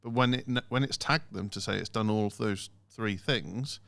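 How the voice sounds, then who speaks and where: Creaky low-voiced man. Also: moderate pace, no room sound. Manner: animated, mimics phone recordings in sing-song voices. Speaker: podcast co-host. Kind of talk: casual podcast chat.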